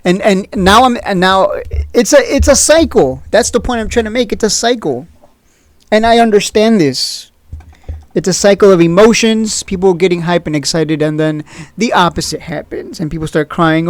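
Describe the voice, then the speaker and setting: A man hosting his own stock video in a casual, blunt and opinionated way, sarcastic and quick to laugh at his critics. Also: high voice, no room sound. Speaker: stock market video host. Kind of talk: casual trading commentary.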